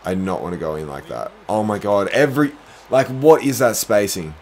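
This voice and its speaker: A young man streaming a basketball video game, commenting live, groaning at his own mistakes and bursting into shouts. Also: on the low side, fairly quick. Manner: excitable, groaning, self-deprecating, bursts into shouts. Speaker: gaming streamer.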